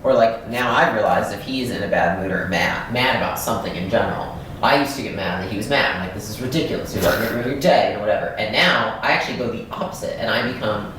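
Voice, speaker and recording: A woman's voice: rumbling low, fast talker, hardly any pauses. A woman speaking candidly in a casual conversation, reflecting on how she handles things. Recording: very echoey room with faint noise.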